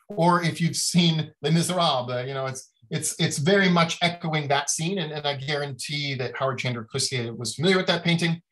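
A man's voice: mid-range voice, normal speed, fairly bright tone, rough recording. Chatty man giving a casual lecture. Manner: chatty, with many fillers and acted-out quotes. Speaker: visiting lecturer on design history.

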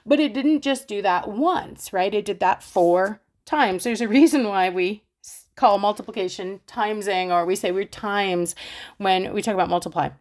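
Casting note: woman math teacher, casual and chatty, mid-pitched voice, playful with her students. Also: moderate pace, darkish tone. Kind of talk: casual explaining math lesson.

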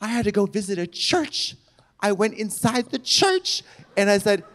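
A man's voice: high-pitched, very animated, moderate pace, a bit bright. A man co-hosting a live stage comedy show, talking in a breathless, meandering, theatrical way. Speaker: comedy podcast co-host.

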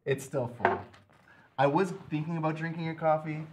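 A Canadian man co-hosting a casual piano live stream, upbeat and quick to laugh while steering to the questions. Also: a little high, noisy background. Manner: upbeat, laughs easily, keeps the show moving. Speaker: piano teacher and co-host. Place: indoors at a piano.

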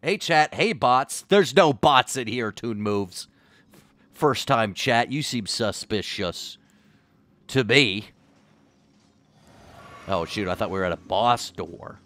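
A male streamer chatting casually as he plays, in a voice of middling pitch. His pitch jumps around a lot as he rambles, jokes and greets viewers. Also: animated, takes it slowly, pauses often, a bit bright, dry recording. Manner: rambling, jokey, chats with viewers. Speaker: game streamer. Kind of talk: casual gameplay commentary.

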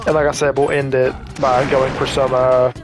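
Guy chatting thru a game, rambly, restarts his sentences a lot, mid-pitched, bit of game music under it. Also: level tone. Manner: rambling, chatty, self-correcting, quick asides. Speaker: gaming YouTuber. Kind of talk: casual let's-play commentary.

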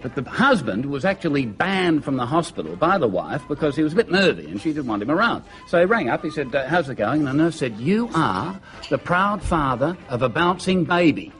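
An Australian man telling jokes on a TV show, lively and full of character voices. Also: fairly high pitch, fairly quick, soft background music. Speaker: comedian. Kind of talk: stand-up joke telling.

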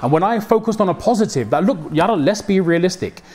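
Animated preacher, slangy and dramatic. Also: male voice, sits high, fast talker. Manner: code-switches with slang, dramatic quoted voices. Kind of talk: mosque talk.

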